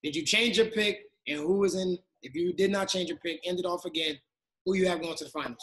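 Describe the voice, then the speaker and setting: A man's voice: sits high, fairly quick, a bit bright, a little hiss or hum. A man hosting a casual sports debate podcast, calling on each guest in turn and wrapping up the segment. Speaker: podcast host.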